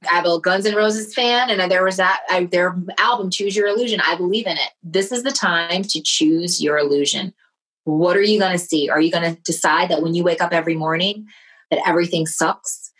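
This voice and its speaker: A woman with a fairly low voice tells a personal story in a relaxed, chatty way. She is lively and expressive and slips into the voices of the people she quotes. She sounds middle-aged. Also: husky, low-quality recording. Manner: animated, acts out quoted voices. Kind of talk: casual storytelling chat.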